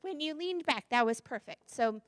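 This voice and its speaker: A woman voicing a courteous, kindly farm pig who gently encourages the others in a children's story. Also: high voice, animated, moderate pace, dry recording, clean studio sound, big-room sound. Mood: polite.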